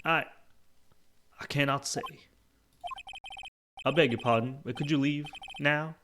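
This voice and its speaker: A man's voice: a little high, fairly even intonation, a little slow, noisy background, voice pushed up, natural voice. A man voicing a pompous older male lawyer who blusters, stammers and speaks grandly.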